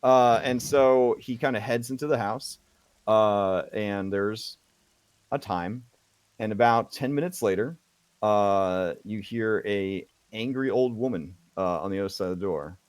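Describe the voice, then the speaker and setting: A man narrating a tabletop game as game master, in a halting way full of fillers. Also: fairly low pitch, clean tone, no room sound.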